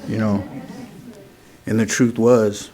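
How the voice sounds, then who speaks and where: This is a middle-aged man with a fairly low voice. He shares his story at a meeting in a loose, earnest, conversational way, peppering his sentences with "man" and "you know". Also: little pitch movement, takes it slowly, dark tone. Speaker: AA meeting speaker. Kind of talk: sharing a recovery story at a meeting.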